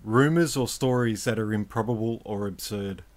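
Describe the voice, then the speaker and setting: A man co-hosting a podcast in casual chat, speaking in a slow, hesitant, dry way. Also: lowish voice. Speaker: podcast co-host.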